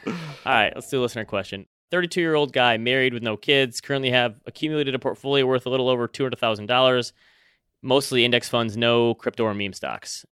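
A man co-hosting a podcast, dropping quick dry remarks in casual chat and reading a listener's question aloud. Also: mid-range voice, fairly bright tone, smooth, no room sound. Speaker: podcast co-host.

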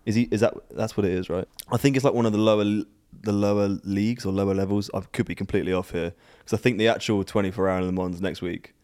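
A man's voice: on the low side, steady tone, fast talker, darkish tone. A man co-hosting a casual sports podcast, joking and offhand, often trailing off mid-thought. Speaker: podcast co-host. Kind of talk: casual chat.

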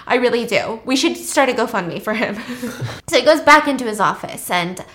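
A woman with a somewhat high voice retells a film plot in a loose, chatty way. She drops slangy asides and laughs along as she goes. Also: expressive, moderate pace, a bit bright. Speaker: storyteller host.

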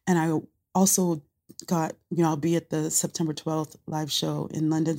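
A woman's voice: sits low, little pitch movement, moderate pace, mellow. A woman sending a heartfelt, reflective voice note to a podcast host, talking earnestly and rambling a little with fillers. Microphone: phone voice note.

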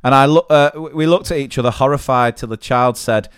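A man's voice: mid-range voice, a little fast, smooth, dry recording, clean studio sound. A man, a podcast co-host reading out listener stories in casual chat and giggling.

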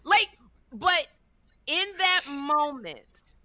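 A woman comedian who co-hosts a podcast and tells stories in an animated way, acting out the people she quotes. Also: mid-range voice, normal speed, no echo. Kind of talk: animated storytelling.

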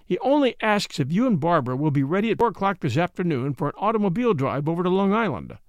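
A man's voice: sits high, sing-song, quick pace, dry recording, studio quality. A man voicing a fond, blustery old uncle in a read-aloud story.

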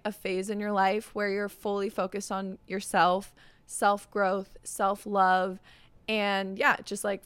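A woman's voice: medium pitch, clear, resonant tone, dry recording. A young woman hosting a solo podcast, talking in an upbeat, chatty way and saying "like" constantly. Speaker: podcast host. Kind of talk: casual solo podcast chat.

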